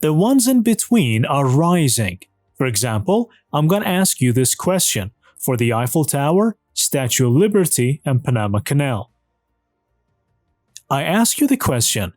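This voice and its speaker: A man with Persian as his first language, teaching English and switching between slow textbook reading and quick explanations in Persian. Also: mid-range voice, big pitch swings, darkish tone, no echo, clean studio sound, faint music behind. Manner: reads textbook lines slowly, then explains quickly in Persian. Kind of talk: bilingual language lesson.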